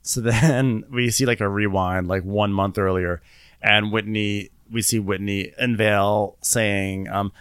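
A podcast co-host who recaps a show in casual chat, animated and quick to mimic other people. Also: sits low, clean tone, dry recording, clean studio sound.

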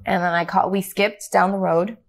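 Middle-aged actress guest, animated anecdote teller, playful with quoted lines. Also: female voice, medium pitch, normal speed, vocal fry. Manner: animated, acts out quoted dialogue, laughs often. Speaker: actor guest. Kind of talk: casual storytelling interview.

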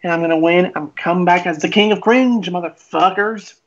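A man's voice: high-pitched, brisk, dull audio, over a noisy crowd. A man from Oklahoma delivering a profane, blustering mock wrestling trash-talk promo.

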